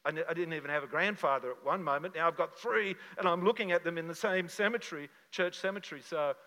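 An older man from Australia, a pastor telling a personal story to his congregation in an animated, conversational way with many restarts. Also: a little high, fast talker, long reverb tail, poor audio. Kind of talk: sermon with slide show.

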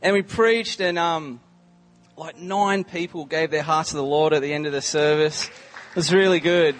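Young Australian man preaching casually with a somewhat high voice. He spins a funny, rambling anecdote full of fillers, and faint music plays underneath. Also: moderate pace. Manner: chatty, humorous storytelling with many "like" and "um" fillers. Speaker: visiting preacher. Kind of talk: casual testimony in a sermon.

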